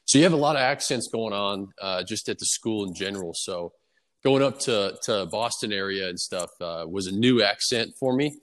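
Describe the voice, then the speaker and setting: A young man, a baseball player, answering interview questions in a relaxed, easygoing way with lots of fillers. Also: fairly low pitch, moderate pace. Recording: long reverb on the voice.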